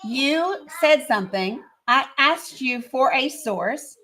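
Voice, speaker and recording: Woman, live stream host, high voice, insistent, repeats questions, firm. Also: animated, slow pace, sharp tone. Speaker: livestream host. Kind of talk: heated livestream argument.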